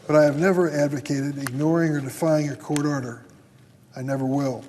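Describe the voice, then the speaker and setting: An older man, a senator, delivers a formal floor speech in a measured, deliberate, stern way with a slightly husky voice. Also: fairly high pitch, fairly even intonation, dark tone, a little hiss or hum. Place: large legislative chamber. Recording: long hall reverb.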